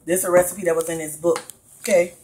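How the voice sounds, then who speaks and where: A cooking vlogger with a New Orleans accent moves quickly through a recipe in her home kitchen, talking with her viewers in a casual video. Her voice sits low, steady and a bit mellow, and the rough recording has slight background noise.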